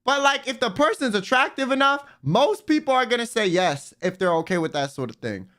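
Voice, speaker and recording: A man's voice: very high-pitched, very animated, fairly quick, sharp tone. A man streaming live, ranting bluntly and with plenty of profanity while he reads out viewer messages. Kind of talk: casual livestream rant.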